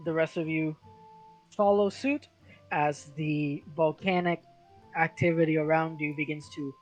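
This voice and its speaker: A game master narrating a tabletop game in a casual, halting way, with many fillers. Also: mid-range voice, steady tone, soft background music, poor audio.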